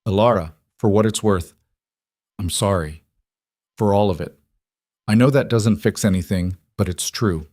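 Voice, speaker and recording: A man's voice: lowish voice, unhurried, pauses often, a little mellow, dry recording, studio quality. A man voicing a ruthless male mafia boss, speaking coldly and tightly. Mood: cold guarded. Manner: cold, tight.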